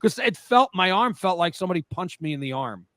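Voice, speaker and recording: A man's voice: high-pitched, sing-song, brisk, fairly bright tone, no room sound. A middle-aged man from New Jersey in a casual radio chat, telling rambling stories and often interrupting himself. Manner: rambling storyteller, self-interrupting.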